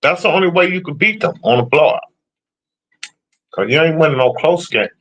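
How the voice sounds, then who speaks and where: A man with a fairly high, slightly bright voice talks animatedly and a little fast in a casual rant about football predictions. Blunt and profane, he trash-talks while answering his chat.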